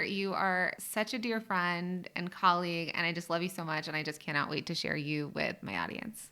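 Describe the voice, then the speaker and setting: A woman hosting a podcast interview, gushing and effusive, talking in quick run-on bursts. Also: lowish voice, fairly even intonation, sharp tone, clear, resonant tone. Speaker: podcast host. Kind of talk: casual interview chat.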